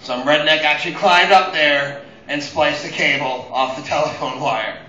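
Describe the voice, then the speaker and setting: High, bright-voiced young comic, crude and exasperated. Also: male voice, normal speed, roomy sound, lo-fi sound. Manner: crude, exasperated storytelling with frequent swearing. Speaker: stand-up comedian. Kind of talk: open mic stand-up.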